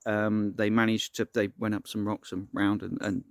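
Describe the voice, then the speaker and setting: A man's voice: on the low side, flat delivery, moderate pace, no echo. A man telling an improvised story in a casual, rambling way, often restarting his sentences.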